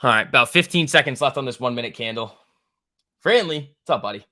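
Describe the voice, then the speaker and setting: A young man hosts a live stock trading stream, reading charts while he jokes loosely and profanely with chat, chuckling through bro-talk banter. His mid-range voice is bright and forceful, fast and lively in intonation, as he gives casual market commentary.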